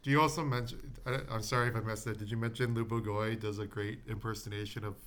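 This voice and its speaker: A man's voice: fairly low pitch, fairly even intonation, quick pace, fairly bright tone. A man co-hosting a casual podcast. He chats and jokes, slides into mock rants, and laughs often. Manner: joking, ranting, laughs often. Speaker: podcast co-host.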